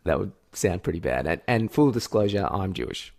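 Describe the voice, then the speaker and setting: A man co-hosting a comedy podcast, cutting in with quick teasing remarks. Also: low-pitched, sing-song, darkish tone. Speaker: podcast co-host. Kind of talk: casual comedy chat.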